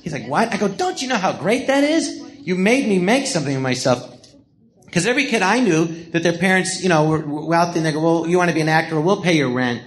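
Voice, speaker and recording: A middle-aged man from the Los Angeles area with a slightly high voice tells stories in a relaxed interview. He laughs often and acts out what others said. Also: fast. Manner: animated, laughing storyteller who acts out quotes. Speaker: podcast host telling stories. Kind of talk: casual storytelling interview. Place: small live theater.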